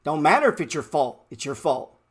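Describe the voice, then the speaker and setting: A man's voice: on the high side, sing-song, fairly quick, husky. A man in his thirties hosting a trading show, giving a blunt, mocking, profane motivational rant. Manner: blunt, brash and mocking, heavy swearing.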